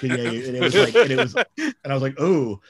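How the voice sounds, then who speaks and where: A man's voice: medium pitch, very animated, quick pace, a bit bright, slight background noise. A man co-hosting a casual podcast, laid-back and joking as he tells his stories. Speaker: podcast co-host. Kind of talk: casual chat.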